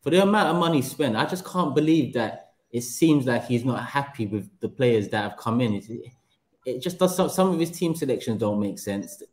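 A man's voice: mid-range voice, lively intonation, moderate pace. A man, recorded in an echoey room. He talks football hesitantly, restarting his sentences as he thinks aloud. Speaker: football podcast panelist. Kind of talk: casual chat.

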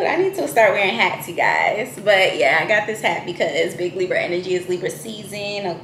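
A woman's voice: mid-range voice, very animated, normal speed, fairly bright tone, echoey room, slight background noise. A young woman chatting casually to camera in a home vlog, playful and full of slang. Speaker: vlogger. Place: at home, indoors.

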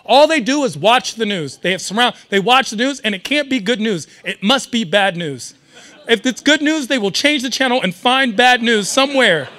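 Animated young stand-up comic, high voice. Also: male voice, normal speed. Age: young adult. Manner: animated, riffing with the audience. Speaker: stand-up comedian. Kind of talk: stand-up comedy set. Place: event hall, live audience.

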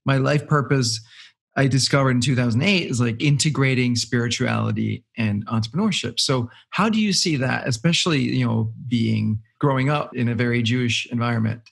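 A man's voice: mid-range voice, brisk, gravelly. A man hosting an interview show, giving short affirmations and asking probing follow-up questions. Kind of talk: interview conversation.

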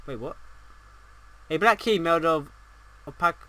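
Bright, animated young man gaming. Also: a little high, unhurried, slight background noise, low-quality recording. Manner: excitable, swears a lot, talks to the game. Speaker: gaming channel host. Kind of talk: horror game let's-play commentary.

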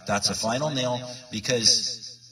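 A man's voice: mid-range voice, steady tone, a little slow, pushed and bright, far from the mic. A man preaching informally to his viewers, emphatic and repetitive, full of rhetorical questions. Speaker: independent Bible teacher.

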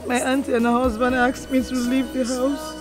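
An actress with a Nigerian accent playing a crying young orphaned housemaid who begs and pleads. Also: female voice, sits high, little pitch movement, normal speed, over music, close to an everyday voice. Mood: tearful. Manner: pleading, tearful. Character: tearful orphaned young woman thrown out. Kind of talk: Nollywood film acting.

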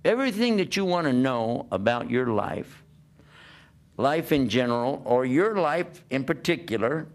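An older man with an American accent delivers a conversational sermon, leaning on stories and rhetorical questions to carry his listeners along. His voice sits at an ordinary middle pitch with a gravelly, creaky edge. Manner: animated storytelling with rhetorical questions. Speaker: Islamic preacher.

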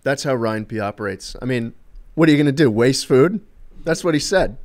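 A man's voice: mid-range voice, expressive, brisk, hardly any pauses, darkish tone. Man rambling through a funny story. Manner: rambling, amused, uses fillers and swears. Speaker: streamer and co-host. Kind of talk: casual storytelling chat on a live stream.

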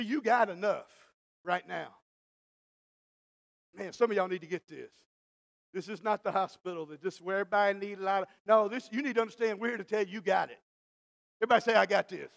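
A male pastor with a gravelly voice that sits high preaches a sermon in church. He swings from quiet asides to shouted exhortation and acts out Bible scenes in folksy dialogue.

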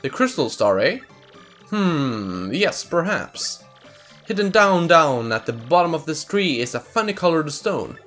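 A grumbling, bossy old elder woman from a video game, as a Swedish man voices her in English. She scolds and fusses in a raised, higher voice. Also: sing-song, unhurried, a bit bright, faint music behind. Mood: explaining. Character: cranky old female bug-like tree elder. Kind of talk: reading game dialogue aloud in voices.

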